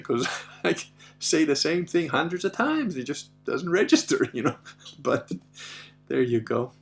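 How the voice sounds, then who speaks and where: A man's voice: on the high side, expressive, normal speed, pauses often. Chatty man telling stories over faint music. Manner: rambling storyteller with frequent laughs. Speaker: host. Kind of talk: casual livestream chat.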